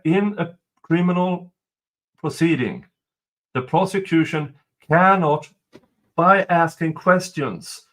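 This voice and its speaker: A man's voice: on the high side, fairly bright tone. Exasperated man commenting on a transcript. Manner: emphatic, exasperated asides. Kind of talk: reading a transcript aloud with commentary.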